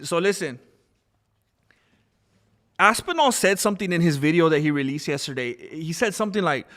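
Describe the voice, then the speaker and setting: A man's voice: on the high side, normal speed. A man streaming live, arguing and ranting in casual commentary. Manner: animated, argumentative ranting.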